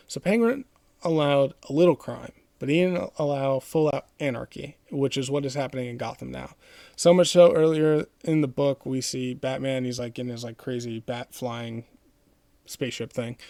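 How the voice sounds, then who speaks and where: A man's voice: mid-range voice, vocal fry, a little mellow, no echo. A male podcast host retelling a comic book plot in a loose, rambling way, with many fillers. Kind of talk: casual plot recap.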